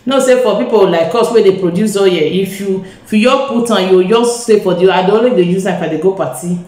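A woman's voice: medium pitch, fairly quick, darkish tone, reverberant, rough recording. A woman with a Nigerian accent gives a live makeup tutorial, talking straight to her viewers and mixing Pidgin into her English. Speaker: beauty vlogger.

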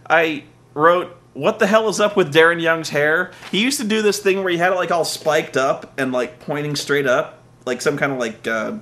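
A man casually recapping a wrestling show, rambling and swearing, with quick mimicked asides. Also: on the high side, sharp tone. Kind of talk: casual profane comedic recap.

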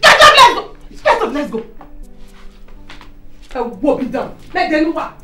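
A woman's voice: high-pitched, very animated, a little slow, soft background music. A woman with a Nigerian accent playing a combative, scornful middle-aged mother from Edo in a Nollywood film. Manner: combative, scornful, repeats her taunts. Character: loud, fiery Bini mother defending her daughter.

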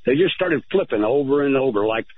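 A man calling into a radio show, telling his story in a halting way and repeating words. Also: mid-range voice, lively intonation, no room sound. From United States. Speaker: caller. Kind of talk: phone-in account. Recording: tinny phone line.

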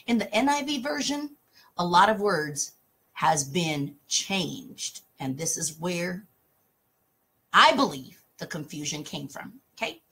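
A woman's voice: medium pitch, a bit bright, slightly rough. A woman talk show host, speaking emphatically and passionately in casual talk about scripture and reading verses aloud.

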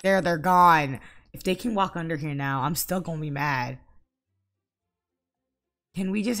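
A woman's voice: low voice, a little slow, long pauses, fairly bright tone, soft background music. A woman giving let's play commentary, scolding her game characters aloud in exasperation. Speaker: gaming channel host.

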